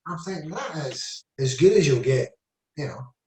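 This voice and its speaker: An older Scottish man in his seventies, a former footballer appearing as an interview guest, tells rambling anecdotes casually, loaded with "I said" and "you know". His voice leans high and animated at normal speed, a little mellow. The sound is roomy and distant, from an echoey space with the mic far off.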